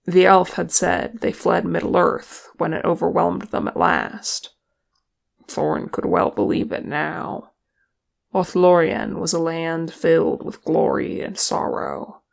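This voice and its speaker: A reader narrating a fan fiction story in a steady, measured way. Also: mid-range voice, creaky. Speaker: audiobook reader.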